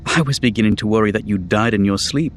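A man's voice: on the low side, fast talker, a little hiss or hum, close to an everyday voice. A man reading a young female starship pilot who sounds dry and matter-of-fact.

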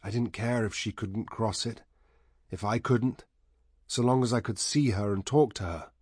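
A man voicing a grieving man haunted by dreams, quiet and weary in a husky hushed voice. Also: on the low side, moderate pace, dry recording, clean studio sound. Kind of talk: audiobook character voice.

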